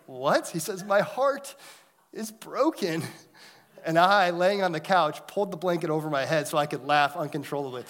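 A man in his thirties preaching a sermon, telling a family story conversationally and swinging between loud and hushed delivery. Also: on the high side. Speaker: pastor.

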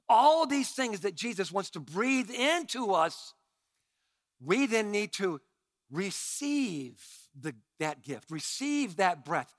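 A man preaching a sermon as pastor, swinging between passionate shouting and quiet asides while calling on his congregation to respond. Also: very high voice, sing-song, unhurried, dry recording.

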